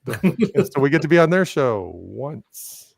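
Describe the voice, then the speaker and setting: A man's voice: medium pitch, very animated, slow pace, gravelly, dry recording, clean studio sound. A man appearing as a guest on a live book show, joking about himself with a laugh. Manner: laughing, self-deprecating. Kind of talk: casual chat.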